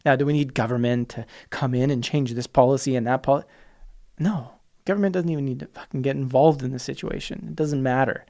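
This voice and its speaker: A man's voice: medium pitch, fairly even intonation, brisk, warm tone. A man hosting a podcast alone, talking passionately and emphatically, sometimes mimicking opposing views in mocking voices. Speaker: podcast host. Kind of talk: solo podcast monologue.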